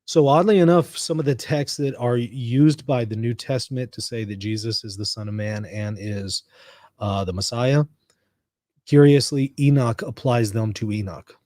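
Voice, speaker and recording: A man's voice: medium pitch, normal speed, darkish tone, dry recording, clean studio sound. A man from the United States hosting a casual livestream, reading out chat comments and riffing on them. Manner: conversational, reads chat comments aloud and riffs on them. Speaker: livestream host.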